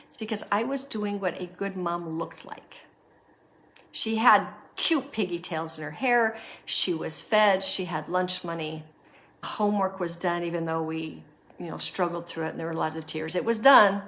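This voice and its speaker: A woman's voice: fairly low pitch, a bit bright. A middle-aged woman hosting a podcast, earnestly guiding listeners through reflection and telling a personal story. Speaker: podcast host.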